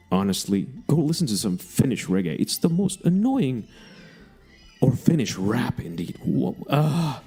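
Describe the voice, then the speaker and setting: A man's voice: on the low side, warm tone, breathy edge. A man hosting a radio music show, chatting casually and jokily between songs, rambling and cutting himself off. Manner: rambling, self-interrupting, jokey.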